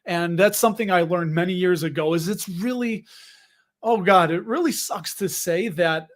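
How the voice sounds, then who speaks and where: A young man with a rather high voice hosts a laid-back livestream. He chats with his viewers in a rambling, jokey way, full of fillers and quick self-corrections. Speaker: livestream host reading viewer comments. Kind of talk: casual livestream chat about dividend investing.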